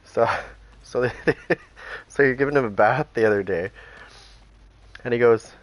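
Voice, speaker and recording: A man's voice: mid-range voice, a little slow, pauses often. A man chatting casually as a gaming streamer, telling amused, rambling anecdotes. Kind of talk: casual storytelling chat.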